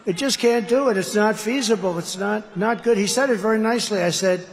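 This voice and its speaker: A man's voice: high-pitched, brisk, hardly any pauses, in a large hall, slight background noise. A man giving a campaign rally speech, rambling and repetitive with boastful asides. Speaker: political candidate addressing a rally.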